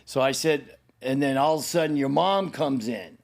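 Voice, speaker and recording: A man's voice: medium pitch, normal speed, vocal fry. An older man telling a personal story in conversation with his son. He rambles, swears freely and grows emotional, acting out the people he talks about. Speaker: guest, the host's father.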